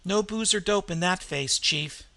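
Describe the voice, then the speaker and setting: A gossipy middle-aged manservant rattles on in a brisk, folksy way, as a man reads him. The voice sits a bit high and bright. The recording is dry and close. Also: creaky, no echo, heavily acted. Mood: chatty. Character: talkative middle-aged male manservant, chatty and admiring. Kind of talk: audiobook character reading.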